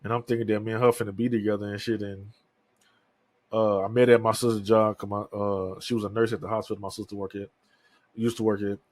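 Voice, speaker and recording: A man's voice: on the low side, flat delivery, quick pace, a little mellow. A man in his thirties hosting a podcast alone, talking candidly in a rambling way and swearing often. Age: 30s. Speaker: podcast host. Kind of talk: casual solo monologue.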